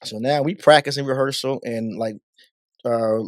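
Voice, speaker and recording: A middle-aged man, a DJ guest on a podcast, telling stories in a lively, casual way with laughs and some swearing. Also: mid-range voice, moderate pace, no echo, clean studio sound. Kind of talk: casual storytelling interview.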